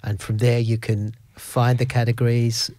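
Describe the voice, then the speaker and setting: A man's voice: medium pitch, little pitch movement, moderate pace, dark tone, dry recording. A middle-aged man hosting a radio show, telling stories in a rambling, chuckling way. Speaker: radio host. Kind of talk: casual radio chat.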